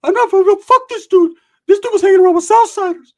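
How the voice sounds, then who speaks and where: A man voicing a hotheaded young male friend who yells threats in a high, strained voice. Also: big pitch swings, fast. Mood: angry yelling. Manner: yelling, threatening, high-pitched.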